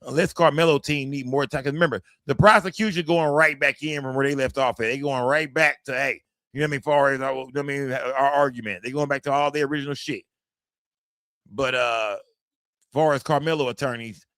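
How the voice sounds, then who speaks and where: A man's voice: mid-range voice, fairly bright tone, no echo, studio quality. A man hosting a livestream, giving blunt, profane commentary and talking straight to his chat. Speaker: livestream host.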